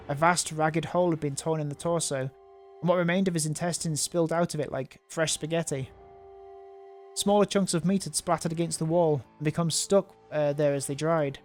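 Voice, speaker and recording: A man's voice: fairly high pitch, a little mellow. A man reading a visual novel aloud, adding offhand, mocking comments and stumbling over words. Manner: casual, mocking asides and stumbles while reading. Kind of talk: reading aloud with casual asides.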